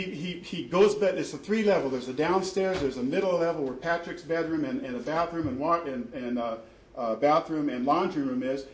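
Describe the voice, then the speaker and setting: A man, a father, gives an emphatic, repetitive personal account of a family fight, with many fillers. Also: on the high side. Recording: echoey room.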